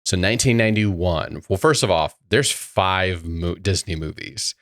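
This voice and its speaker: A man in his thirties co-hosting a podcast, calmly steering the chat with segues and show notes. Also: low voice, a little slow, dry recording, clean studio sound. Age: 30s. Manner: calm, steady, steers the show with plugs and segues. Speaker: podcast co-host. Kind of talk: casual chat.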